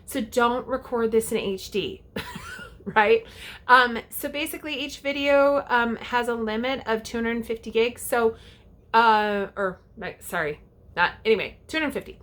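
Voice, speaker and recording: A woman's voice: a little high, unhurried, fairly bright tone. A woman directing a youth theater, giving casual, chatty audition instructions to parents and kids, often checking in with "okay?".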